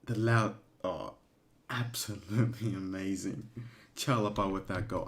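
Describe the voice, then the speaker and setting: A fan streamer commentates a match during a watch-along, talking casually but getting excitable and emotional, shouting at the big moments. His voice is low-pitched and a bit slow.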